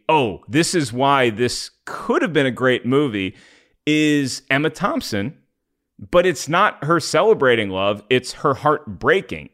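A man's voice: medium pitch, fairly bright tone. A man co-hosting a podcast, giving wry, rambling opinions about a film. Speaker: podcast co-host. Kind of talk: casual film discussion.

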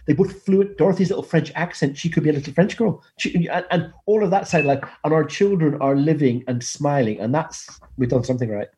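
A man's voice: a little high, fairly quick, few pauses, dark tone. A man chatting as a guest, upbeat and emphatic, repeating phrases. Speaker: co-host of a home renovation show, guest. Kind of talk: casual video call chat.

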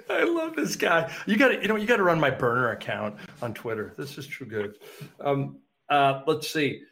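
A man's voice: mid-range voice, animated, normal speed, few pauses, a bit bright, slight background noise. A man hosting a casual interview, playful and laughing easily, with lots of hesitant fillers. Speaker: podcast host.

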